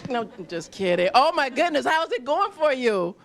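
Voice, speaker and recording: High bubbly lady host gushing at diners in a restaurant, pitch all over the place. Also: big pitch swings, moderate pace, creaky. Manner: bubbly, gushing, laughs often. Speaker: on-location host interviewing diners. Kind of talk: upbeat casual interviewing. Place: busy restaurant.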